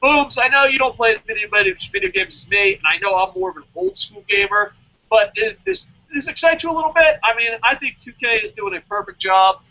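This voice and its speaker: A man co-hosting a casual podcast, excitable and swearing often, with mock-dramatic outbursts. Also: very high voice, a little fast. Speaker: podcast co-host. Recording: dull lo-fi podcast audio.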